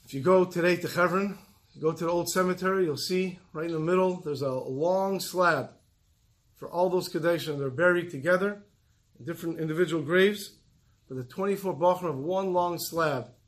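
Male preacher, earnest storytelling sermon, slightly high voice, slows for weight.

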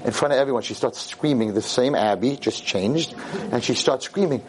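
A man, a rabbi and teacher, giving a convention talk and telling a story in an animated way, acting out the people he quotes. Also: medium pitch, normal speed, a little hiss or hum. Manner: animated, acts out quoted voices.

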